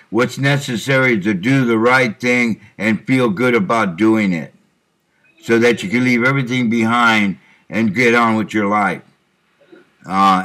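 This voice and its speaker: A middle-aged man with a somewhat low voice rambles to himself in a self-recorded monologue. He talks like a working truck driver, stopping for fillers and clearing his throat often. He speaks into a computer microphone. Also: a bit bright.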